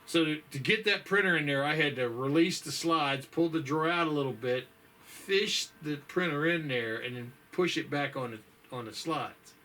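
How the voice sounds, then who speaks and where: A man's voice: fairly high pitch, normal speed, sharp tone. A man chatting casually to his viewers in a folksy, rambling way, tired and yawning, with lots of fillers and sighs. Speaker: vlogger. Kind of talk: casual chat.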